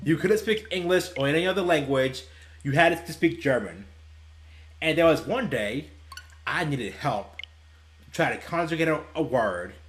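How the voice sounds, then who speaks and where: A man's voice: fairly high pitch, lively intonation, normal speed. A young man and gaming YouTuber telling stories casually, rambling and laughing at his own tales, with faint music behind him. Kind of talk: casual storytelling while playing.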